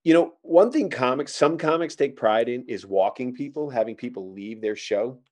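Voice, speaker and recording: A man's voice: medium pitch, animated, moderate pace, a little mellow. A middle-aged man hosting a podcast and telling stand-up stories in a rambling, joking way. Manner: rambling, joking, many fillers. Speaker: podcast host and stand-up comic. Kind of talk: casual chat and storytelling.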